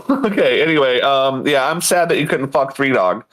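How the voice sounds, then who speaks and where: A man's voice: mid-range voice, animated, normal speed, hardly any pauses, a bit bright. A young man co-hosting a podcast in crude, joking casual chat. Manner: crude, joking, goes into impressions. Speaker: podcast co-host.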